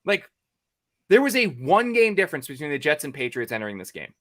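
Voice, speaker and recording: An American man on a sports podcast, a reporter by trade, rants with mounting exasperation. He circles back over the same points, repeats himself and swears freely. His voice sits a little higher than most men's. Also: very animated, a little fast, fairly bright tone. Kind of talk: ranting podcast chat.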